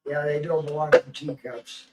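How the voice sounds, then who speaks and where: A man's voice: a little high, little pitch movement, moderate pace, far from the mic, heavy background noise. Man chiming in from off the mic. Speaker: livestream co-host. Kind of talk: casual livestream chat.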